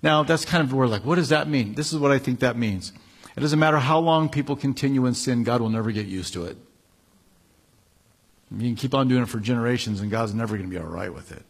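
A man's voice: medium pitch, animated, a little fast, breathy edge. A man preaching a sermon, reading Bible passages and explaining them in a conversational way with casual asides. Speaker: pastor.

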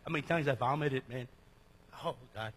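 A middle-aged man preaching a sermon as pastor in a church, talking in a casual, joking way with sudden drops to a hush. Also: medium pitch, moderate pace, husky. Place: church sanctuary. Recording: long hall reverb.

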